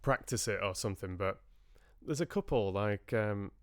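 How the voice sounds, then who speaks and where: In clean studio sound with no room echo, a man with a fairly low voice and lively intonation talks at a moderate pace. He's a livestream host and audiobook reader, chatting with his live audience in a loose, friendly, rambling manner full of restarts.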